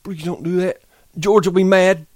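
A man voicing a slow, simple-minded giant farmhand, childlike and pleading, in a dry, close recording. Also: sits high, steady tone, no echo, pitched above the performer's own voice, lightly acted. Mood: frightened pleading.

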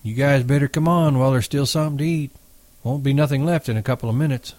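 A man reading aloud and voicing a dignified, unhurried ranch hand who speaks matter-of-factly. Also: mid-range voice, dry recording, voice pushed up, lightly acted. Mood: calm. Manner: calm, matter-of-fact.

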